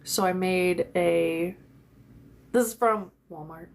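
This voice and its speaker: A woman's voice: lowish voice, takes it slowly, vocal fry. Chatty swearing young woman livestreaming. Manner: chatty, rambling, swears freely. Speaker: livestream host. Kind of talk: casual live chat. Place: home, in bed. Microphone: phone.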